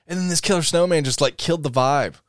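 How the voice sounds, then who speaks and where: A man's voice: on the high side, quick pace, no echo, clean studio sound. A man hosting a podcast, chatting casually with a joking, teasing, often profane manner. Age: adult, working. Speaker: podcast host. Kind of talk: casual chat.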